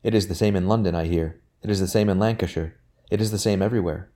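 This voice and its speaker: A man doing a fretful young gentleman. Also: deep voice, fairly even intonation, fast talker, lightly acted. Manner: fretful, complaining.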